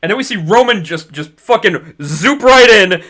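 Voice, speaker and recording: A man co-hosting a casual podcast, animated and swearing, laughing often. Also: high-pitched, moderate pace. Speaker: podcast co-host. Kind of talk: casual chat.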